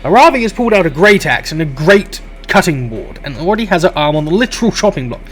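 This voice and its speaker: A man reads a comedy visual novel aloud, his pitch bouncing all over as he giggles through it. He swears offhandedly between lines. Faint music plays under him. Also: fast talker. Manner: giggly, animated, swears casually. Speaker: game streamer voicing all characters. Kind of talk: reading a visual novel aloud with laughs and asides.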